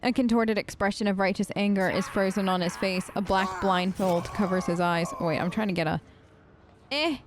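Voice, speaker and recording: A woman's voice: medium pitch, normal speed, noisy background. A woman hosting a let's play, chatting casually and reading game text aloud with restarts and asides.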